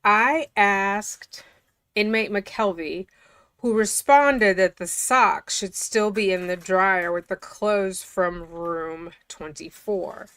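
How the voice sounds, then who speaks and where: A woman's voice: mid-range voice, takes it slowly, a bit bright, clean tone, no room sound. A woman reading official documents aloud and breaking off for casual, incredulous commentary. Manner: chatty, incredulous, often laughing.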